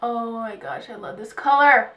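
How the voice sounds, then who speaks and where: A young woman chatting casually as a beauty vlogger, gushing and telling stories in an animated way at her vanity. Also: on the high side, normal speed. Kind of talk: casual chat. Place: home vanity area.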